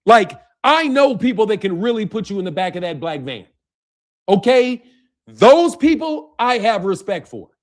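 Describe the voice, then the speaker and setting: A man's voice: high voice, very animated, normal speed. Heated, mocking man ranting about boxing. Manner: heated, mocking, profane, laughs between lines, repeats "bro". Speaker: boxing channel host. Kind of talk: mocking rant to camera.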